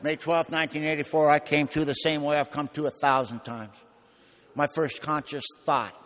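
Male speaker, mid-pitched, emphatic wry storyteller, sharing his testimony in a long-reverb hall. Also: fairly bright tone. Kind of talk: personal testimony to an audience.

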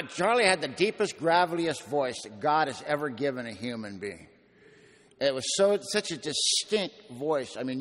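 A man's voice: on the high side, a bit bright. A man giving an emphatic, wry personal testimony to an audience, telling his own story. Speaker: speaker sharing his recovery story. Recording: long echoing hall reverb.

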